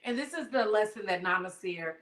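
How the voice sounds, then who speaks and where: A woman hosting a live-streamed book lesson, retelling a story in an animated way, reading passages aloud and asking her viewers questions. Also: mid-range voice, a little fast, echoey room. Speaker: online book study host.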